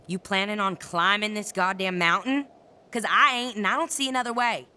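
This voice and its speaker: A woman's voice: medium pitch, normal speed, sharp tone, a little hiss or hum. A woman playing a cursing, hard-bitten outlaw woman. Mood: gruff. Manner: coarse, cursing, blunt. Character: tough foul-mouthed female outlaw. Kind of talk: audio drama acting.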